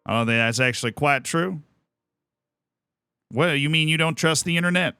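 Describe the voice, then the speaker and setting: A young American man streaming live, chatting casually and answering viewer messages with animated, joking replies and quick restarts. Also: fairly high pitch, clear, resonant tone, faint music behind. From United States.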